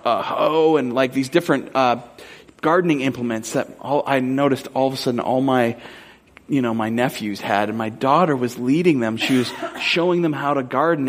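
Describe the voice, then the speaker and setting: Chatty pastor from Southern California. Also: male voice, mid-range voice. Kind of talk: sermon.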